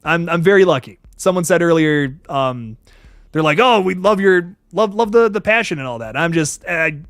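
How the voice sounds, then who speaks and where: A young man hosting a live stream, talking fast and loose with plenty of swearing and shout-outs to chat. His voice is fairly high and swings widely in pitch. The sound is close and dry. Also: smooth, no echo. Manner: animated, swears often, reads chat aloud.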